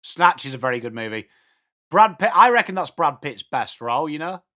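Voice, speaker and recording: With big swings in pitch and a voice on the high side, a young man from England runs a live football watchalong. He talks fairly quickly in a pushed, bright tone, chatting away as he blends play calls with responses to his chat.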